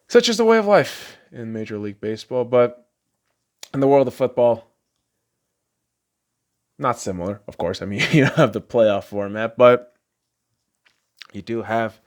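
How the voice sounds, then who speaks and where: On his podcast, a man goes on a casual, profanity-laced sports rant, frequently breaking into laughter. His delivery shifts between low muttering and high-pitched, excited bursts.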